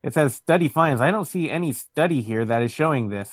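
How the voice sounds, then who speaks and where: A man co-hosting a casual podcast, deadpan and a bit hesitant. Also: fairly high pitch, fairly quick, dry recording, clean studio sound. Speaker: podcast co-host. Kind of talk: casual chat.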